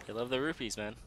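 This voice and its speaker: A man co-hosting a casual comedy chat, laughing a lot and quickly chiming in with jokes. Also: medium pitch. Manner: laughing, joking, quick to chime in. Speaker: podcast co-host.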